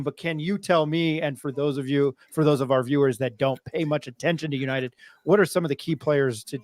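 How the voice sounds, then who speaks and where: A man hosting a relaxed sports show, meandering through an anecdote full of "um" and restarts. The sound is dry and close. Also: mid-range voice, no room sound. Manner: rambling, loses his train of thought. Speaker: podcast host. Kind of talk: casual sports chat.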